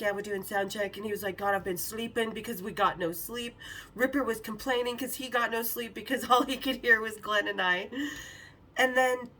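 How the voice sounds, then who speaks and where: A woman with a bright, forceful voice, pitched a little high, telling candid stories with plenty of swearing and laughter. She sits a bit back from the mic. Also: recorded from a distance, a little hiss or hum. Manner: frank, profane, laughs often. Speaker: podcast host. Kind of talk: candid storytelling.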